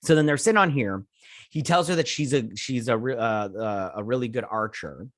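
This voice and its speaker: A man's voice: medium pitch, brisk, no room sound, clean studio sound. A man hosting a casual episode recap, rambling with lots of fillers as he retells scenes. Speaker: host.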